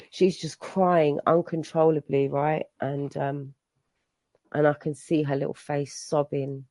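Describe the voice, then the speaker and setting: A woman's voice: sits low, creaky, darkish tone, dry recording. A woman, a mother, sharing her personal recovery story at a meeting, telling it with emotion, repeating herself and restarting often. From England. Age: adult. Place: meeting room.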